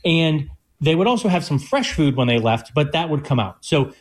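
Slightly high-voiced male co-host for radio; eager, explains in quick bursts. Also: big pitch swings. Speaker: chef and co-host. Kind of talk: casual radio food chat.

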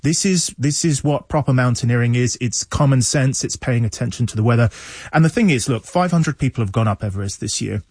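A man's voice: mid-range voice, brisk, darkish tone, slightly rough, no echo. A man speaking as a studio guest on a radio panel, making his points emphatically and with firm opinions.

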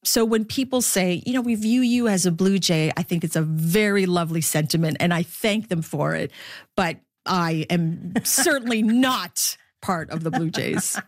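Animated, laughing woman broadcaster. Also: lowish voice, normal speed, no echo, studio quality. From Philippines. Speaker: baseball broadcaster. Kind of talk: interview guest, conversational.

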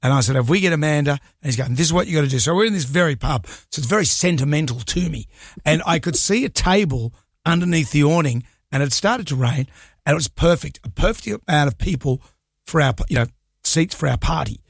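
A man's voice: on the high side, expressive, fairly quick, creaky, husky, no room sound, studio quality. A man with an Australian accent hosting a radio show, telling a story in casual banter and laughing often. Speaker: radio host. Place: radio studio. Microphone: studio mic.

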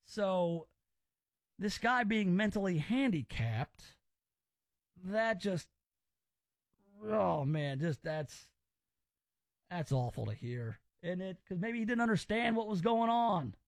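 A man's voice: sits high, expressive, slow pace, pauses often, no room sound, studio quality. A man from Memphis hosting a casual talk radio show, opinionated and rambling as he reacts to stories. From Memphis, Tennessee, US.

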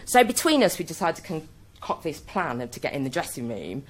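A woman telling a comic personal anecdote in an animated, self-mocking way. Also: sits low, fairly quick. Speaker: storyteller.

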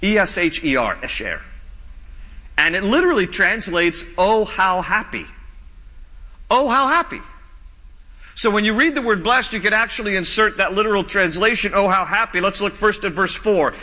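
Male pastor, sermon, emphatic slow delivery, bright voice, reverberant church hall. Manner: slow emphatic preaching, drops low and soft on key lines.

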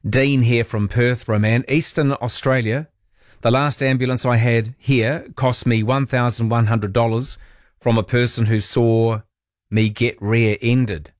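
Chatty New radio host, dry studio. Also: male voice, medium pitch, steady tone, a little slow, dry recording. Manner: chatty, wry, asks listeners questions. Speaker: late-night talk radio host. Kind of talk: casual talkback chat. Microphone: studio microphone.

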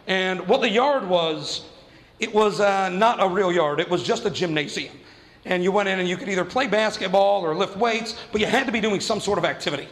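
A man's voice: high-pitched, a little fast, a bit bright, big-room sound. A man from New Mexico doing stand-up, telling a story with profanity and self-mockery and acting out the other people in it. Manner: profane, self-mocking, acts out voices. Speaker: stand-up comedian.

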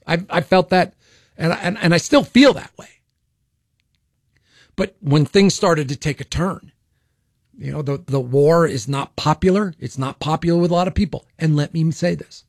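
A man's voice: fairly high pitch, no room sound, clean studio sound. A man hosting a political talk radio show, speaking in an opinionated way and often repeating words as he starts a sentence. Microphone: studio microphone.

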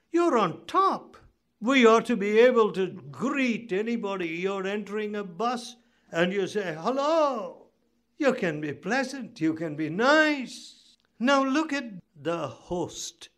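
A man's voice: high voice, lively intonation, a little slow, a bit bright. A man preaching a sermon, reading scripture and asking the listeners pointed rhetorical questions. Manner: emphatic, rhetorical questions, reads scripture aloud.

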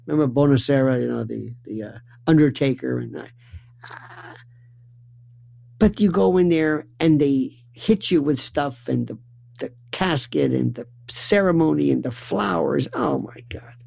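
A man telling a rambling comic monologue, repeating and restarting words in quick bursts. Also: creaky, no room sound. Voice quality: animated, acts out quoted voices with big pitch jumps. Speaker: storyteller.

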